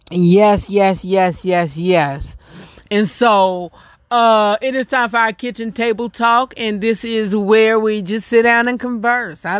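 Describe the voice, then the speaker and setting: A man's voice: high voice, smooth, dry recording, studio quality. A man from North Carolina with a Southern accent, chatting casually as host of his own show, repeating himself and laughing often. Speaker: podcast host. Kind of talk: casual solo chat.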